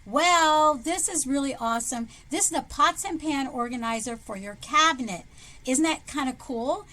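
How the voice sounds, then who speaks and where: A woman presenting shopping deals in a chatty, excitable vlog, her voice jumping up when she hypes a sale. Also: moderate pace. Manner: chatty and excitable, jumps in pitch to hype sales. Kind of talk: enthusiastic product showcase vlog. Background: background music.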